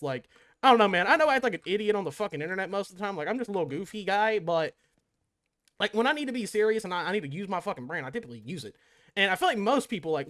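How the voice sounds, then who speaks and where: A young man ranting about gaming drama in a loose, casual commentary. His pitch swings widely, and his talk is profane and exasperated, full of restarts and tangents. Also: a bit bright. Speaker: gaming YouTuber.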